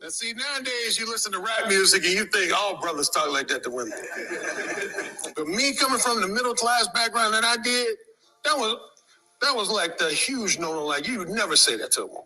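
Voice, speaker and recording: A man speaking from a stage, telling a crude personal story in a lively, swinging delivery. His voice sits a bit high and sounds very bright and sharp. Faint music plays somewhere behind him. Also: fairly quick, low-quality recording. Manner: animated, crude, conversational storytelling.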